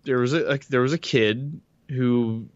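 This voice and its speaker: A man's voice: medium pitch, fairly even intonation, unhurried, no room sound, lo-fi sound. Rambling man recapping a book on a podcast. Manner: loose and rambling, with restarts and casual swearing. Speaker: podcast co-host. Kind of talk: casual chat recapping a book.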